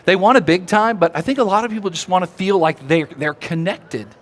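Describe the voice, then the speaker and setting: A man giving a live seminar talk, animated and drawing the audience in with questions. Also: sits high, brisk. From Oklahoma. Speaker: seminar speaker. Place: seminar room.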